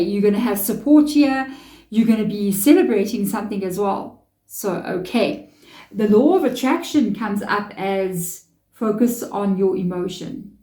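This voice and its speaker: A woman doing a casual tarot reading to camera, chatty and animated, thinking aloud with plenty of fillers. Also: mid-range voice. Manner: chatty, animated, many fillers and self-talk. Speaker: tarot reader. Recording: echoey room.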